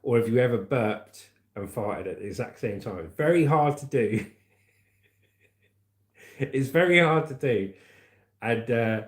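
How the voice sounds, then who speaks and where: A man's voice: medium pitch, expressive, unhurried, long pauses. Chatty man in a roomy room. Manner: chatty, rambling, calls viewers mate and brother. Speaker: livestream host reading chat. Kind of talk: casual livestream chat.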